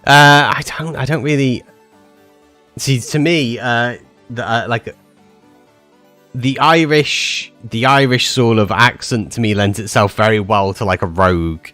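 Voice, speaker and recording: A man's voice: medium pitch, unhurried, pushed and bright, no echo, faint music behind. A man chatting casually with his live-stream viewers, rambling with many fillers and restarts.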